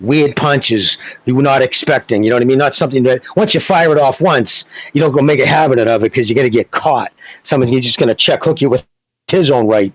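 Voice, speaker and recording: A man's voice: medium pitch, brisk, no echo. A man co-hosting a boxing podcast, talking in a loose, rambling way. He swears casually and keeps checking in with "you know what I mean". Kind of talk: casual chat, technical breakdown. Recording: dull lo-fi sound.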